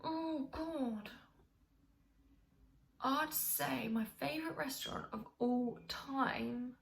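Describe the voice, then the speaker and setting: A woman chatting with a gravelly edge. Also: high-pitched, drawn-out words. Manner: chatty and rambling, many ums and restarts. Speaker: vlogger. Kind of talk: casual chat to camera. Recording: echoey room, faint hiss.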